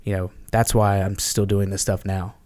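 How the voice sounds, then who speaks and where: A man speaking as a podcast guest, earnest and halting, often restarting his sentences, and sounding tired. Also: on the low side, little pitch movement, a little mellow. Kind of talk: candid conversation.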